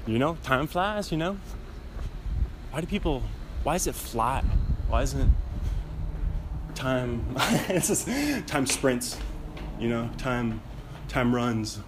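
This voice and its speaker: A man's voice: medium pitch, slow pace, pauses often. A young man chatting casually in a rambling, self-amused way while sitting in his car at an intersection. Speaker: vlogger. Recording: street traffic noise behind.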